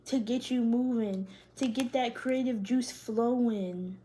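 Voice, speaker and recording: A woman's voice: on the high side, slow, mellow. A young woman, doing a casual tarot reading in loose, profane slang and laughing often. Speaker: tarot reader.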